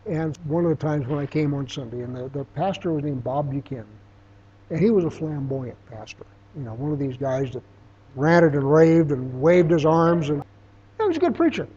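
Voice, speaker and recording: A man's voice: on the high side, expressive, normal speed, warm tone, slight background noise. A middle-aged man giving a conversational Bible teaching, telling stories and reading scripture aloud with emphasis. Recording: dull, lo-fi sound.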